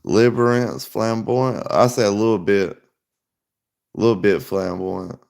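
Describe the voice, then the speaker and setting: A man's voice: lowish voice, measured pace, gravelly, a little mellow. A young man casually telling a rambling story, full of fillers. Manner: rambling, loose, lots of fillers. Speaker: podcast host.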